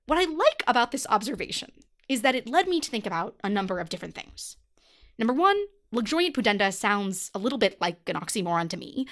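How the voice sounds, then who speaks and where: A woman's voice: fairly high pitch, a bit bright. A young adult woman hosting a podcast, delivering a wry, emphatic monologue. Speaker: podcast host.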